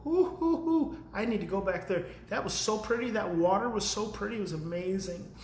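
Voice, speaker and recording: A man teaches parents in a casual live stream, his fairly high voice dropping low and calm, then climbing loud and emphatic. The room has a noticeable echo. Faint background ambience sits under him. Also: fairly quick, slight background noise. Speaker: parenting educator hosting a daily live video.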